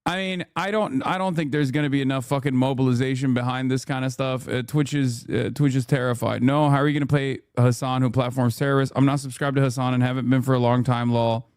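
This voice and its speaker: A man's voice: mid-range voice, fairly even intonation, fast talker, hardly any pauses, a little mellow, smooth, no echo, studio quality. A man hosting a live stream, giving heated, mocking political commentary with lots of cursing and filler words. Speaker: streamer host reacting to clips. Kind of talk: profane political reaction commentary.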